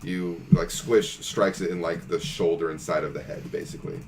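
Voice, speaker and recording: A man's voice: deep voice, fairly even intonation, moderate pace, darkish tone, distant mic, slight background noise, poor audio. A man narrating as game master for a tabletop game, casual and full of fillers like "um" and "like".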